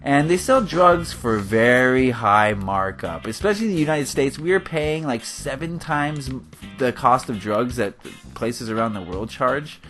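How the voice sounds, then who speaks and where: A man's voice: mid-range voice, lively intonation, unhurried, a bit bright. A man from California giving casual, rambling commentary on his game build, laughing often. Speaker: gaming video host. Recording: faint guitar music behind.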